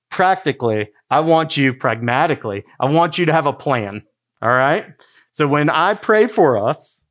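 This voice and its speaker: A middle-aged man preaching to his congregation in an easy, story-driven manner. His voice sits in a middle pitch, and he moves between plain teaching and personal anecdotes. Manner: conversational storytelling preaching, with quoted asides. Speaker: pastor. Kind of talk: sermon.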